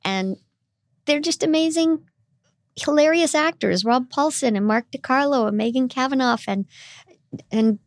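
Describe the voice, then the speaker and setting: A woman's voice: high-pitched, measured pace, pauses often, dry recording. A middle-aged woman voice actor with a youthful, girlish-sounding voice, chatting animatedly as an interview guest. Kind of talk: casual interview chat.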